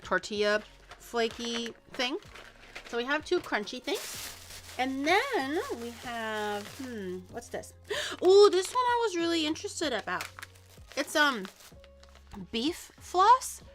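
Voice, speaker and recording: A young woman from Canada, chatting casually on a stream while tasting snacks, excitable and swearing lightly. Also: a little high.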